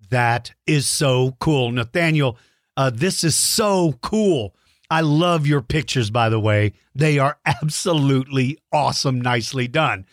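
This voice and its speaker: A man hosting a children's podcast, reading listener shout-outs in an enthusiastic, exclamatory way. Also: mid-range voice, expressive, unhurried, no echo, clean studio sound. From Texas. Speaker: podcast host.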